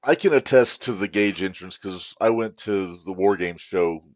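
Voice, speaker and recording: A man co-hosting a podcast in casual chat, relaxed and easy-going. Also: low-pitched, moderate pace, no echo. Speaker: podcast co-host. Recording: dull, dry recording.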